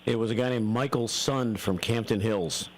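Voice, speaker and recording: A man's voice: mid-range voice, moderate pace, a little hiss or hum. A man hosting a call-in radio show, talking in an easygoing, casual way. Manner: easygoing, reads the phone number. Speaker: radio host.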